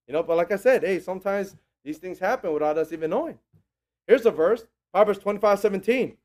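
A man preaching a sermon in an animated, conversational way, acting out the people he quotes. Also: sits high, normal speed.

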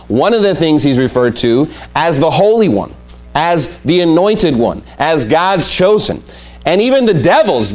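A man preaching a sermon, emphatic and repeating his key points as he reads scripture aloud. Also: fairly high pitch. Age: adult with young family.

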